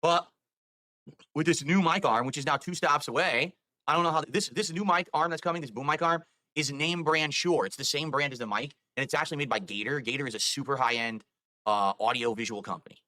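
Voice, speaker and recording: Fast-talking man streamer, bright and dry. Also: a little high, no echo. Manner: rambling, defensive explaining. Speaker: video game streamer. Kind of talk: live stream chat.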